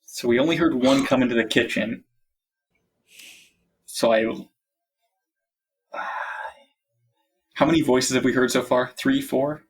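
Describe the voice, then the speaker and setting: A man playing a tabletop game, asking deliberate questions about the scene. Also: mid-range voice, steady tone, slightly rough, faint music behind. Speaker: player.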